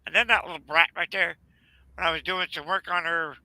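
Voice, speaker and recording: Gravelly bright-voiced Southern man. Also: on the high side, steady tone, no room sound, poor audio. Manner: rambling, halting, many fillers. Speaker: channel host. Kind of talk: casual storytelling chat.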